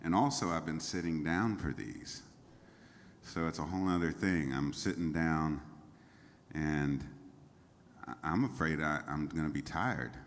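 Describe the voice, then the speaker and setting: A man's voice: very deep voice, measured pace, a little hiss or hum. A man, a singer-songwriter, telling easygoing, rambling stories between songs while seated on a music venue stage. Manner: rambling, easygoing storytelling with frequent fillers. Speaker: singer-songwriter performing a livestreamed show. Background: faint guitar.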